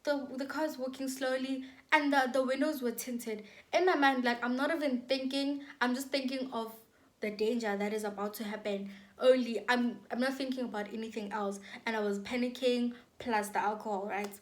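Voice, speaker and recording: A woman's voice: on the high side, fairly even intonation, normal speed. A young South African woman telling a dramatic storytime on her vlog, with lots of repetition and acted-out quotes. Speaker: YouTuber.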